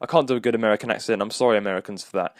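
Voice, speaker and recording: A man's voice: lowish voice, fairly even intonation, rapid-fire, dry recording, studio quality. A young man, hosting a solo podcast episode in a rambling, casual chat with lots of restarts. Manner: rambling, with many restarts and fillers. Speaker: podcast co-host.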